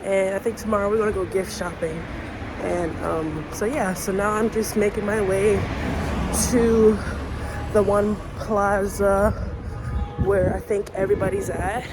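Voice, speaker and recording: A young American woman vlogs casually on her phone as she walks and shops through outdoor city streets and markets, rambling with plenty of filler words. Her mid-range voice barely moves in pitch and runs a little slow, with background noise and music playing underneath.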